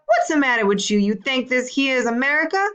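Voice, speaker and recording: A woman voicing a teasing father who puts on a loud drawling US Southern accent, read aloud from a novel. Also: sits high, expressive, fast. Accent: put-on US Southern.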